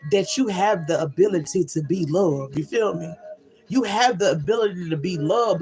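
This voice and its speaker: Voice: mid-range voice, low-quality recording. Blunt, profane spiritual pep talker. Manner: blunt, profane and emphatic, often asks "you feel me?". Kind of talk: casual spiritual pep talk.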